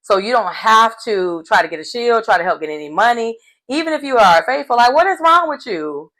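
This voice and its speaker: A man's voice: high-pitched, animated, a little fast, sharp tone, low-quality recording. A woman plays an exasperated man scolding someone for sitting back. He sounds indignant. He builds up to an incredulous question. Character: exasperated adult man complaining.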